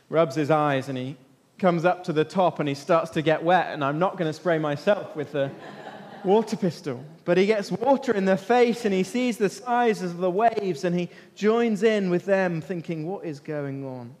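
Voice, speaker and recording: A man teaching an interactive Bible lesson as an animated storyteller, asking his listeners questions. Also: high voice, moderate pace. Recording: long echo of a large hall.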